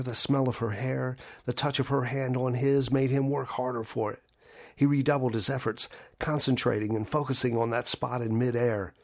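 A man narrating a horror story in a measured, low-key way.

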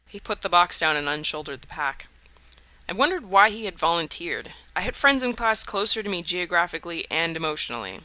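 Brief: wry first-person audiobook narrator, crisp bright voice, dry close recording. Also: medium pitch, expressive, fairly quick, no room sound.

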